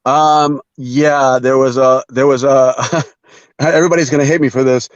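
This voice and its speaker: Man, guest, casual comics chat, halting, filler-heavy, chuckling, lo-fi video call audio, dead dry sound. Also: mid-range voice, fairly even intonation, clean tone, no echo.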